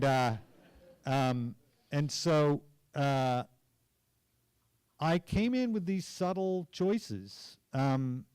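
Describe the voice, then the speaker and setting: A man in his fifties from Oklahoma, an actor telling animated stories with hesitations in an onstage conversation. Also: mid-range voice, clean tone, no room sound. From Tulsa, Oklahoma. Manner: animated anecdotes with hesitations and acted quotes. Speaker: guest actor. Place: cinema stage before an audience.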